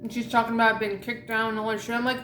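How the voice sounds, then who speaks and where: A woman's voice: a little high, level tone, fast, a bit bright, echoey room, slight background noise. A woman vlogger chatting casually while eating, rambling and candid with a lot of swearing.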